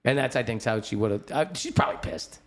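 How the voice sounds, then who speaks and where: A middle-aged man hosting a podcast, telling a story in casual chat, swearing often, laughing as he talks and acting out other people's voices. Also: fairly quick. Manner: profane, animated, laughing storyteller; acts out other people's voices with big pitch jumps. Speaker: podcast host.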